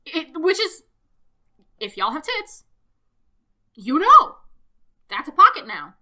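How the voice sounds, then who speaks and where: A woman's voice: very high-pitched, takes it slowly. A woman co-hosting a podcast, chatting casually and animatedly about a cartoon, swearing freely and often correcting herself mid-sentence. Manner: animated, profane, self-correcting. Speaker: podcast co-host. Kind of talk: casual chat reviewing a cartoon.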